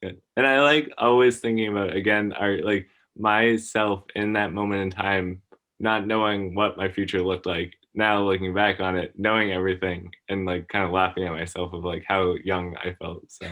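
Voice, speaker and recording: A man's voice: deep voice, little pitch movement, normal speed, fairly bright tone. A young man hosting a casual podcast chat, upbeat and full of fillers as he guides his guests through the segments. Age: young adult. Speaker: podcast host.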